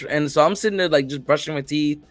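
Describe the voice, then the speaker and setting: Rambling, laughing man with a fairly high voice. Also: fast talker, dry recording. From grew up in Florida. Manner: rambling, laughing, restarts mid-sentence. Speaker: podcast co-host. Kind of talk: casual storytelling chat.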